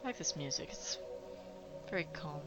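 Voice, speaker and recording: A woman's voice: sits low, lively intonation, normal speed, music in the background. Wry woman commenting on her game. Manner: wry, joking asides. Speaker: let's play host. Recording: dull lo-fi with faint noise.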